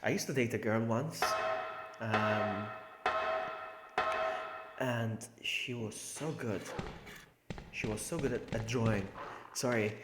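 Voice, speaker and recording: A streamer from Malta chats casually with his viewers while playing a game on a livestream. His voice is lowish and slow, with frequent pauses, and loud music plays behind it. The room sounds echoey, with background noise.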